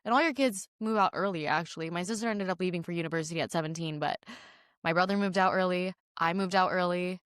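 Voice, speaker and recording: Fast-talking young woman. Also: fairly low pitch, smooth, no room sound, clean studio sound. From Canada. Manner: rambling, many "like"s, emphatic and candid. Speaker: podcast host. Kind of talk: casual storytelling monologue.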